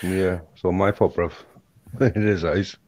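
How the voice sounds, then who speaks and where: A man's voice: sits low, steady tone, takes it slowly, darkish tone, no room sound. A man in casual chat, apologizing and admitting he was in the wrong.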